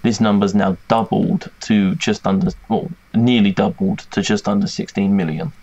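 A man's voice: on the low side, steady tone, moderate pace, gravelly, a little mellow, lo-fi sound. A man co-hosting a podcast, relaying gaming news and steering the chat. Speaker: podcast co-host. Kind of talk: casual chat.

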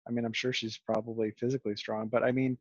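A man hosting a podcast in casual conversation, halting with many restarts and a dry, sarcastic edge. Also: medium pitch, little pitch movement, no echo, dull audio. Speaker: podcast host.

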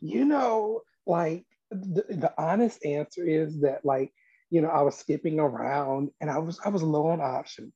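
A man guest on a podcast in casual chat, easygoing and relaxed, drifting through fillers as he talks. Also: on the high side, unhurried, slightly rough, dry recording, lo-fi sound.

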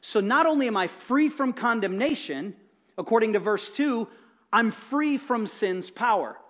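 A male pastor delivers a lively sermon in a notably high voice. He talks with energy and emphasis, punching some words loudly and dropping others to a near hush. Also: unhurried. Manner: energetic, emphatic, swings between loud bursts and soft asides.

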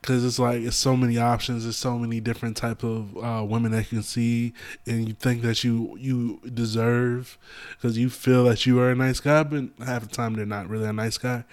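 A man co-hosting a casual chat, giving laid-back, measured commentary. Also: mid-range voice, level tone, darkish tone. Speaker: podcast co-host.

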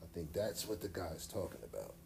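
Deep, mellow-voiced man chatting casually. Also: big pitch swings, brisk, vocal fry, slight background noise. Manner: laid-back, rambling, uses slang and fillers. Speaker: podcast co-host. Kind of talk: casual chat.

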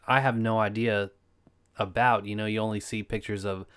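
A man's voice: fairly low pitch, steady tone, moderate pace, fairly bright tone, smooth. A man from Florida and Kentucky in casual chat, laid-back and swearing, saying dude a lot.

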